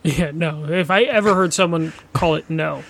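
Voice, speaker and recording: Male gaming podcast co-host, slightly raised pitch, casual and profane, quick to laugh. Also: gravelly, a bit bright, a little hiss or hum. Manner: laughs often, blunt and profane. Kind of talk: casual chat.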